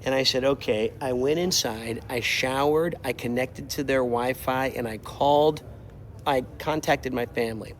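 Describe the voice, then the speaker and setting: A young man tells a trip story on a walk outdoors, his medium-pitched voice animated and exasperated as he acts out what others said. Faint street ambience hums behind him. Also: moderate pace, slight background noise. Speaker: streamer. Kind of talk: casual storytelling while walking. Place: outdoors, walking. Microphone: mobile mic while walking.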